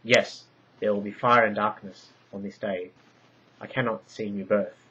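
A man doing a solemn female oracle who speaks her prophecies in a low, measured voice. It's a storybook reading heard through dull, lo-fi sound. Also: fairly even intonation, a bit bright, a little hiss or hum. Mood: grave. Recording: dull lo-fi recording.

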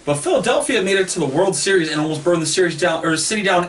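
A man's voice: high-pitched, lively intonation, a bit bright. Joking man co-hosting a picks chat. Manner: joking, quick banter. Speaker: co-host making picks. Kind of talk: casual sports chat. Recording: distant mic with faint noise.

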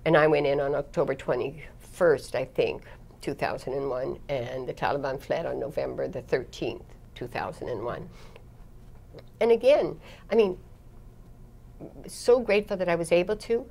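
A woman's voice: rumbling low, normal speed, gravelly, a little mellow. A middle-aged woman, a foreign correspondent, recounting her career in a chatty interview, laughing often and restarting her sentences. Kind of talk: reflective interview storytelling.

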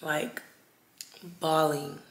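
A young woman talks straight to her viewers in a slightly low voice, halting and repeating herself with fervent feeling. Her voice rings a little in an echoey room. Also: monotone, vocal fry. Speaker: vlogger. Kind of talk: emotional personal vlog talk.

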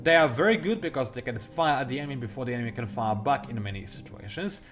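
A young man hosting a strategy game tutorial, talking quickly through detailed explanations with dry, sarcastic asides. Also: mid-range voice, a bit bright, faint music behind. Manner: talks fast, self-admittedly. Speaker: gameplay tutorial host. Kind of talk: explanatory let's-play commentary.

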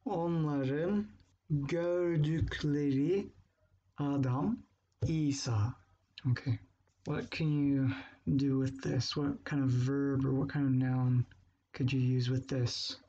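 Slow, mellow man teaching grammar. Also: mid-range voice, level tone, dull audio. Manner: patient, repeats example phrases slowly. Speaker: language teacher. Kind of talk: explaining grammar step by step.

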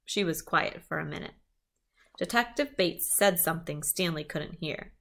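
A woman's voice: deep voice, moderate pace, creaky. A woman reading a children's chapter book aloud, with small asides to her listeners. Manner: lively storytelling, small asides.

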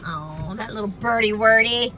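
A woman in her thirties, a mother casually vlogging her family's day, chatty and expressive, sometimes dropping to a whisper. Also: medium pitch, normal speed, over loud music. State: out of breath at times.

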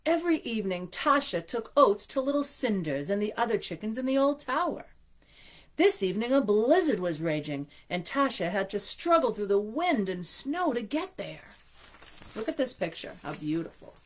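Gushing storytime woman with a lively voice. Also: a little high, moderate pace. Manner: gushing, chatty asides. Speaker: storytime host. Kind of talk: reading a picture book aloud.

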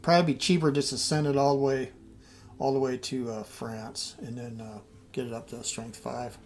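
A man's voice: mid-range voice, steady tone, moderate pace. A middle-aged man thinking aloud as he plays a strategy game, muttering and trailing off. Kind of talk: casual game commentary.

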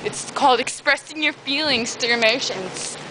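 A woman's voice: high-pitched, animated, moderate pace. A woman filming a home video, chatting and teasing with giggly exclamations, recorded on a handheld camera inside a large store. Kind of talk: casual chat. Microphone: handheld camcorder. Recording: noisy store background.

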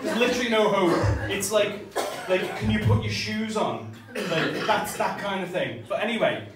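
A man's voice: sits high, normal speed, music in the background. A man doing a stand-up comedy set in a small club, sweary and conversational as he banters with the crowd, recorded from a distance. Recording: distant, echoey live venue recording with heavy noise. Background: audience laughter.

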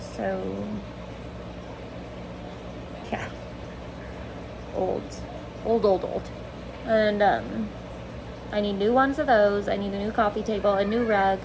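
A woman's voice: mid-range voice, a little slow, gravelly, pauses often, noisy background. A woman vlogging casually about her day, a mom rambling through stories with lots of "like" and "freaking". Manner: rambling, breathless storytelling with "like" and "freaking". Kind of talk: casual chatty vlog. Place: home, car and store.

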